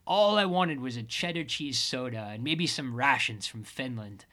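A man reads a first-person story aloud with a wry, deadpan delivery. His voice is bright and forceful, at a middle pitch. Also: normal speed. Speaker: audiobook narrator. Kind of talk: first-person audiobook narration.

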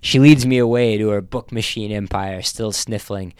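A man reads a first-person story aloud with a deadpan, matter-of-fact delivery. His voice is smooth and crisp, recorded close and dry with no room echo. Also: on the low side, normal speed. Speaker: narrator.

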